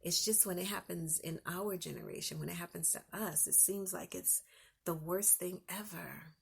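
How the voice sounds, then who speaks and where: Gravelly, husky woman giving a faith talk. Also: fairly low pitch, normal speed. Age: adult with children. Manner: conversational storytelling, drops to soft whispers for emphasis; uses everyday examples and asks the listener to picture them. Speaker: podcast host. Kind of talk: faith-based encouragement talk.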